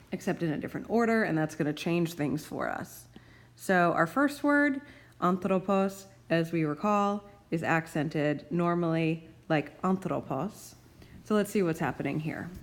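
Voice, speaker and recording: A woman professor calmly explaining grammar rules step by step in a recorded tutorial, with playful asides. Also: on the low side. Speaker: Ancient Greek professor.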